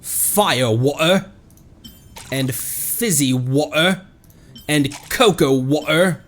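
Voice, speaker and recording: A man's voice: fairly high pitch, extremely slow, a little hiss or hum. A man streaming a game, chatting casually and correcting himself as he goes. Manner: chatty, rambling, self-correcting, laughs easily. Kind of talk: casual gameplay chat.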